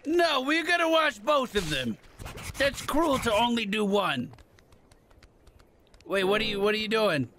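A man with a high, bright voice narrates his gameplay in unhurried casual commentary. He gets excitable, yelling and swearing at the characters on screen. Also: a little hiss or hum. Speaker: gamer playing a goose game. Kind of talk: casual let's-play commentary.

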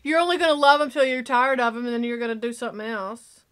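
A woman giving excitable, gushing casual commentary while reacting to a movie. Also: fairly high pitch, fast talker, clean tone.

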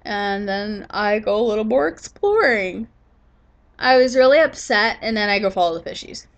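A woman's voice: mid-range voice, lively intonation, moderate pace, lo-fi sound. A woman doing a casual voice-over of her own gameplay footage, sleepy and yawning, rambling with lots of fillers and restarts. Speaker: gaming channel host.

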